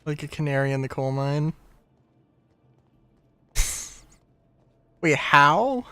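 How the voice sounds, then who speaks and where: A man's voice: fairly high pitch, animated, very slow, sharp tone, clear, resonant tone, no room sound. A young man streaming a game live, rambling in casual commentary and often breaking into laughter.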